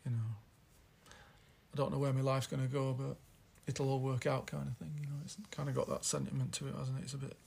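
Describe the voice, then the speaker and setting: A man talks casually about songs, pausing and restarting as he reads out lines. His voice is gravelly and a little husky. He speaks at a middle pitch. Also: flat delivery, a little mellow. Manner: rambling, hesitant, reads out lyrics. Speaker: podcast host reviewing an album. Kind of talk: casual chat.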